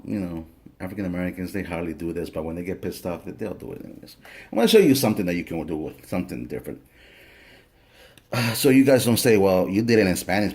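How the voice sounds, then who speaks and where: A man's voice: low-pitched, a little mellow. A man teaching a spiritual ritual in a casual, joking, chatty way, swearing now and then. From family from El Salvador. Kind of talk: casual spoken tutorial.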